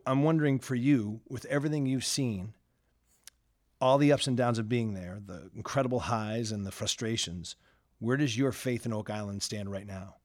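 A man hosting an interview, telling a personal story and acting out the lines he quotes before asking his question. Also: mid-range voice. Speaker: host.

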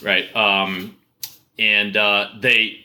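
A man's voice: fairly low pitch, little pitch movement, drawn-out words, pushed and bright. A man co-hosting a podcast in casual banter, rambling and jokey, often breaking off mid-sentence. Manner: rambling, self-interrupting, jokey. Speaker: podcast co-host.

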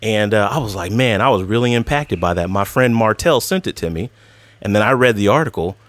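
Animated podcast host, lively pitch, dry close sound. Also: male voice, a little fast, dry recording. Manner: animated, laughing, storytelling. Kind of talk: casual podcast chat.

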